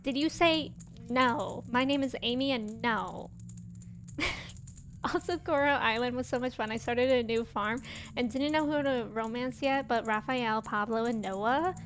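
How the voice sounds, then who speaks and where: Over game music, a young Midwestern American woman chats and giggles with her viewers during a casual gameplay stream. Her voice is on the high side and fairly bright, and she talks a little slowly, rambling as she goes. There's a slight hiss or hum in the recording.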